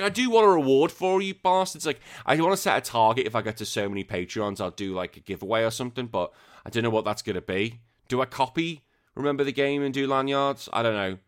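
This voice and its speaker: A man's voice: a little high, a bit bright. Man, podcast host, casual chat, rambling, sweary, jokey tangents.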